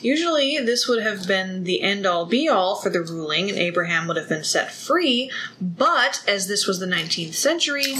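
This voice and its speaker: Chatty and joking, this woman hosts a podcast where she reads true-crime case notes aloud and then breaks off to riff. Her mid-range voice has a sharp tone. The recording is rough, with slight background noise.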